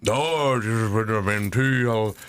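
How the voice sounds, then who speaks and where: A man's voice: slow pace, a bit bright, smooth, dry recording. A man with a Northern Irish accent voicing a foul-mouthed elderly male butcher in an improvised comedy sketch. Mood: rambling. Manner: profane, rambling, high strained delivery.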